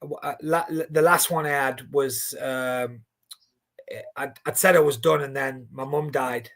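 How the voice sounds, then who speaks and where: A man in his forties, an animated storyteller who swears freely and restarts his sentences often, chatting casually on a boxing stream. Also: medium pitch, a little slow. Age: 40s. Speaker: boxing watchalong co-host. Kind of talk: casual chat.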